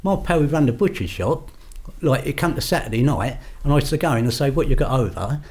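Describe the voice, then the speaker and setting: An older man talks in a blunt, matter-of-fact way. He tells long stories and slips into the voices of the people he quotes, without changing who he is. His pitch sits in the middle range. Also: lively intonation, fast, a little mellow. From London. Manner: blunt, acts out quoted exchanges in his own voice. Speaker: guest, former gangster. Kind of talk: storytelling interview.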